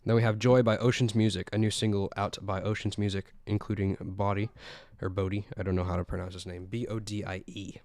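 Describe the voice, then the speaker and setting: A teenage podcast host from South Carolina rambles happily through a music roundup. His voice is low and smooth with little pitch movement. The sound is dry and close. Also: fairly even intonation, quick pace, hardly any pauses, darkish tone, no room sound. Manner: chatty, rambling, enthusiastic.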